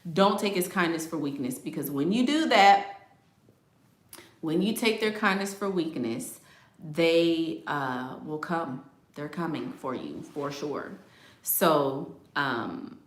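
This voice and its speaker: Speaking slowly in a low, sing-song voice, a middle-aged astrology video host reads comments during a casual live chat. She's emphatic, circles back to repeat her points, and laughs a lot, in a roomy-sounding recording.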